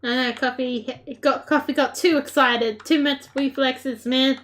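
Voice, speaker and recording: A woman giving live gameplay commentary, excitable and laughing often, with playful trash talk at the other players. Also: high voice, measured pace. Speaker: gaming creator.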